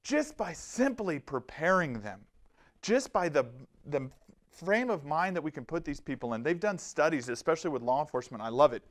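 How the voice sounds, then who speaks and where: A man giving a lively, animated safety presentation to a live audience, telling stories and acting out quotes. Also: fairly high pitch, normal speed. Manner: energetic, animated, storytelling with acted-out quotes. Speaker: safety trainer.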